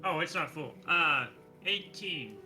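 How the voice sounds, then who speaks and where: A man playing a tabletop game, speaking in a hesitant, halting way. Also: mid-range voice, sharp tone, soft background music. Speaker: player. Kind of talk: casual tabletop game chat.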